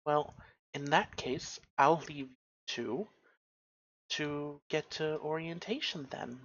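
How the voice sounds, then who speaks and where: A man's voice: medium pitch, unhurried, bright, forceful tone, a little hiss or hum. A man playing an unsettling polite young woman. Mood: politely curious. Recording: dull lo-fi sound.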